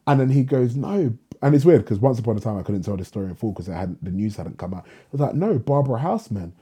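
Speaking fast, a young man from England with a low, dark-toned, husky voice tells a story as a guest writer in a relaxed podcast chat. He's an animated storyteller, voicing the dialogue and cursing freely.

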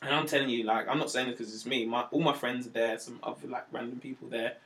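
A man, a comedian telling stories in a casual chat, animated and slangy, acting out quotes in a raised voice. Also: mid-range voice, fast. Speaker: comedian guest.

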